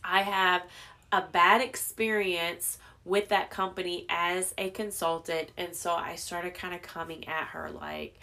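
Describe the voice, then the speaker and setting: A woman's voice: on the low side, lively intonation, a little slow, pushed and bright. A young adult woman hosting a podcast alone, talking candidly and reflecting on herself in a casual, conversational way with many fillers. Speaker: podcast host. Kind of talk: casual solo podcast monologue.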